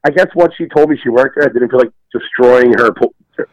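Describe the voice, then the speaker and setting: A man's voice: mid-range voice, fast talker, no echo, lo-fi sound. A man in his thirties, co-hosting a podcast, who tells loose, rambling stories and fills them with lots of "um" and "like". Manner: rambling storyteller with many fillers. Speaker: podcast co-host. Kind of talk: casual chat.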